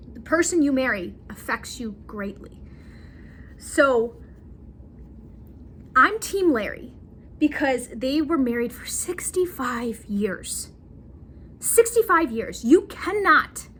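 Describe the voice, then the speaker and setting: A young woman vlogging about a movie in casual chat, giggly and animated, acting out the characters' lines. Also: a little high, slight background noise.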